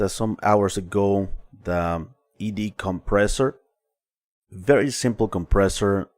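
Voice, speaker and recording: A man's voice: on the low side, a little mellow, no echo. A man hosting a casual music production livestream, explaining plugins with frequent fillers and restarts. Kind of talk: casual live-stream plugin demo.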